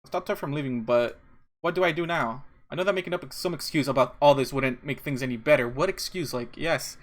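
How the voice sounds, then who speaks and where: A young man playing a visual novel, reading the text aloud and breaking off into animated, exasperated commentary with repeated phrases and laughs. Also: medium pitch, a little fast. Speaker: let's play streamer.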